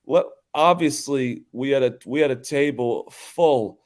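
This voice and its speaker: A man's voice: medium pitch, measured pace. A man co-hosting a podcast, laid-back in casual chat, trailing off as he recaps. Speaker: podcast co-host.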